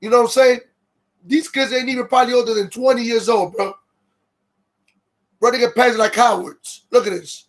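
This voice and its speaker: High-voiced man ranting on a livestream. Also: steady tone, normal speed, pauses often. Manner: repetitive, greets viewers, gets heated and incredulous. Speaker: livestream host. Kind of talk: casual livestream commentary.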